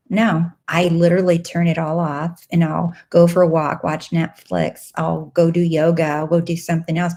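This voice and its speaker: A bubbly woman chats through a live-stream Q&A, with a slightly low speaking voice that jumps up into excited squeals. She talks in a casual, animated way, acting out her own inner dialogue. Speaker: live Q&A host and coach.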